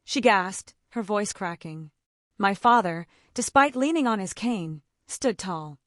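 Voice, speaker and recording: A woman narrates a scripted first-person drama with emphatic, dramatic delivery. Her voice sits at an ordinary pitch. The recording is dry and close, with no room sound. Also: animated, measured pace, no echo.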